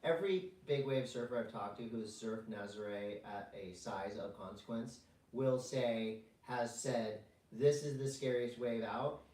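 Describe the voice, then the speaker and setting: A man co-hosting a podcast in casual chat, rambling with jokey deadpan asides. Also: mid-range voice, measured pace, echoey room, far from the mic, rough recording. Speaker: podcast co-host.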